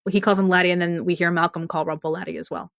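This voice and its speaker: Podcast co-host, woman, lower pitch, chatty and rambling, dry close sound. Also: flat delivery, very fast, vocal fry, a bit bright, dry recording. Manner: chatty, rambling with restarts and laughs. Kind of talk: casual TV recap chat.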